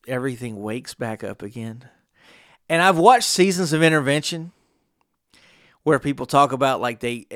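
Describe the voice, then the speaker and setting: A middle-aged man with a mid-range, slightly bright voice hosts a podcast in clean studio sound with no echo. In a casual monologue he tells a rambling story, often turning aside to address the listener.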